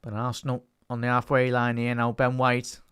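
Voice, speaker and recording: A man's voice: mid-range voice, monotone, normal speed, fairly bright tone, smooth, no room sound, studio quality. Chatty Liverpool man calling the match live. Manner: chatty, reads live chat aloud and lifts into play-by-play calls. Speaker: watch-along commentator. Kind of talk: live match-day watch-along commentary.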